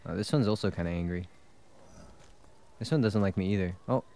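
A man with a slightly low voice chats loosely while he plays a game on stream. He rambles, laughs a lot and swears without a second thought, and a faint hiss sits under his voice. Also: a little fast, mellow. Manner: chatty, laughs often, swears freely. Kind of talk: casual gameplay chat.

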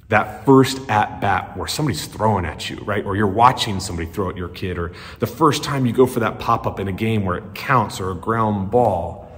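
A male pastor preaching a sermon in a conversational storytelling way, animated and acting out quotes. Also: lowish voice. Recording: long church-hall reverb.

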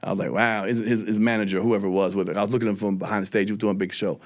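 A man telling a story on a podcast, swearing and animated, acting out his own quotes. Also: lowish voice, rapid-fire. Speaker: comedian guest.

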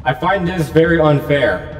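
A man's voice: a little high, darkish tone, echoey room, big-room sound, far from the mic. A man nervously commenting while playing a horror game, repeating himself as he frets. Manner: anxious, repetitive muttering. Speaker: gaming YouTuber.

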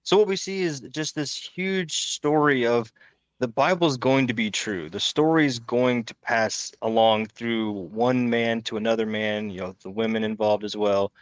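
A man co-hosting a casual Bible study discussion, summing up calmly. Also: mid-range voice, unhurried, smooth, no echo. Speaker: co-host of a Bible study show.

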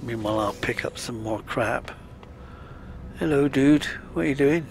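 A man's voice: mid-range voice, normal speed, a little hiss or hum. A man giving casual, chatty let's-play commentary, muttering to himself as he plays. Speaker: gaming channel host.

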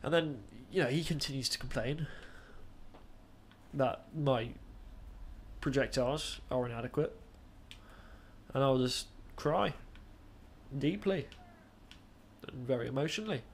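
A man's voice: medium pitch, a little slow, long pauses. Young man, crude sarcastic game commentary, headset mic, faint background noise. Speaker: gaming channel host. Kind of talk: joking gameplay commentary.

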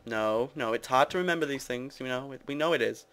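A man's voice: medium pitch, quick pace, hardly any pauses, fairly bright tone, clear, resonant tone. A young British man giving casual, rambling commentary while playing a building game, joking with his viewers. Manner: rambling, self-mocking, chatty with viewers. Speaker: gamer. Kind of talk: casual Let's Play commentary.

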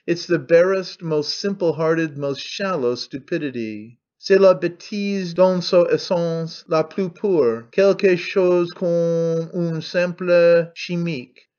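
A man voicing an excitable, pompous old male orator who declaims grandly and defiantly. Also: on the high side, highs cut off, lightly acted.

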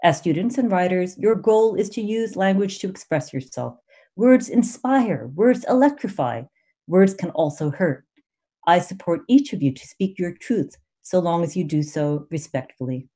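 A woman reading her own essay aloud at a student reading, measured and emphatic, with pointed pauses. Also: lowish voice, animated, warm tone, breathy edge. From United States. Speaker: MFA student reader.

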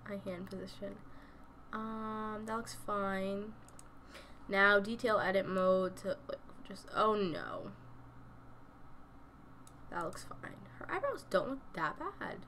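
A young woman chats her way through a video game, thinking aloud as she plays. Her voice sits at a middle pitch and keeps slipping into a low murmur. A faint hiss of noise runs under the recording. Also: animated, slow, fairly bright tone. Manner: chatty, thinking aloud, often dropping to a murmur. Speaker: gaming YouTuber. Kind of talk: casual gameplay commentary.

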